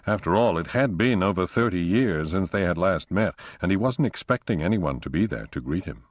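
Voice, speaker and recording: A man reading a thriller audiobook aloud in a measured, steady narration. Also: low voice, dry recording. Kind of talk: scripted narration.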